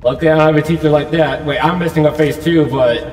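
A man's voice: on the high side, fairly even intonation, fast, a little mellow, roomy sound, big-room sound, far from the mic, faint music behind. A man nervously commenting while playing a horror game, repeating himself as he frets. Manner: anxious, repetitive muttering. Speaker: gaming YouTuber.

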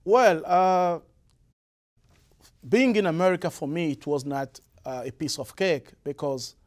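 Young Congolese man, French accent, slightly high voice, hesitant guest answers. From Republic of the Congo. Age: young adult. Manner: halting, many restarts and fillers. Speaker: guest musician. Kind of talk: interview answers.

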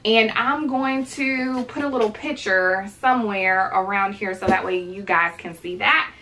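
A young woman in late pregnancy, out of breath and breathy, chatting to viewers in a casual unboxing vlog. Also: medium pitch, a little slow, pushed and bright, slight background noise, low-quality recording. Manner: chatty, addresses viewers as "you guys". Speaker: vlogger.

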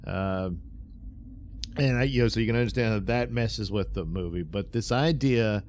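A man with a lowish voice rambles through a casual movie review, stopping often with fillers and sarcastic little laughs. Faint room ambience sits behind him. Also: normal speed, darkish tone, slight background noise. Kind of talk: casual film review monologue.

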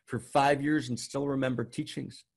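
A man's voice: mid-range voice, fairly even intonation, moderate pace, vocal fry, husky. A man voicing a broken old hunchback street sweeper in a grave, plain retelling.

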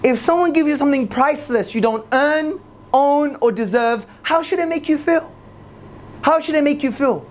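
A man giving an energetic religious lecture to a live audience, repeating key phrases for emphasis. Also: moderate pace, slight background noise. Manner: swings between loud high emphasis and low asides. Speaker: Islamic lecturer.

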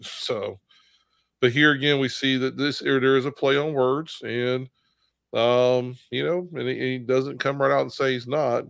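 A man's voice: medium pitch, little pitch movement, measured pace, gravelly, a bit bright, dry recording. A man co-hosting a casual Bible study discussion, rambling and acting out quotes with bursts of laughter. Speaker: co-host of a Bible study show.

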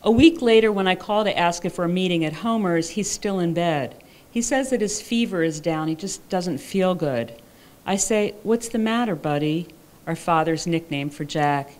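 A woman's voice: on the low side, moderate pace, darkish tone. A woman author reading her own fiction aloud at a live writers' conference, in a dry, wry first-person voice.

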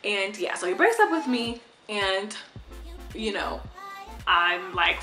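A young woman in a casual storytime vlog, chatty and animated, swearing freely. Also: mid-range voice, unhurried, long pauses, echoey room, soft background music. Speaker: vlogger.

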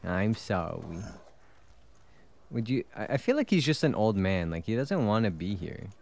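A man's voice: fairly low pitch, sing-song, moderate pace, gravelly, a little mellow, slight background noise. A man streaming a video game, chatting casually, laughing often and swearing freely. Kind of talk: casual gameplay chat.

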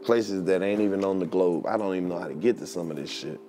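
A man's voice: low voice, quick pace, over music. A man co-hosting a comedy podcast, bantering and throwing leading questions to his partner. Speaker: podcast co-host. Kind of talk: casual comedic chat.

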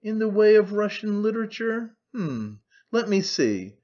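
A man's voice: high-pitched, sing-song, a little slow, mellow, pitched above the performer's own voice. Man playing a brash, careless young man in an audiobook, cool and offhand, dull lo-fi sound. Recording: dull lo-fi recording.

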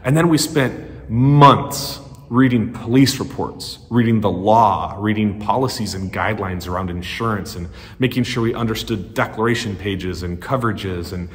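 A male pastor preaching a sermon in a conversational storytelling way, animated and acting out quotes. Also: fairly low pitch, moderate pace. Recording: long church-hall reverb.

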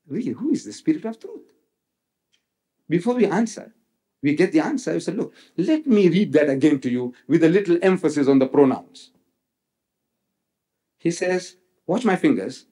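A man delivers a public religious lecture in a fairly high, very lively voice. He quotes scripture with theatrical flair and repeats key phrases over and over for emphasis. His delivery swings from loud, soaring lines to low, quieter asides. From South Africa.

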